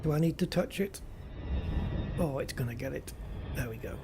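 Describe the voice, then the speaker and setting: A man's voice: mid-range voice, normal speed, over music. A man hosting a gaming channel, chatting casually and thinking aloud as he plays. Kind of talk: casual gameplay commentary.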